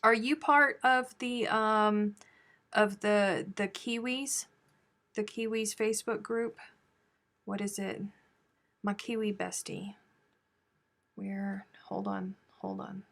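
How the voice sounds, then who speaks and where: A woman hosting a crochet live stream, chatting casually with viewers and reading out their comments, with sudden loud animated outbursts. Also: mid-range voice, takes it slowly, creaky, long pauses. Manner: chatty, reads and answers viewer chat; animated, bursts into loud exclamations.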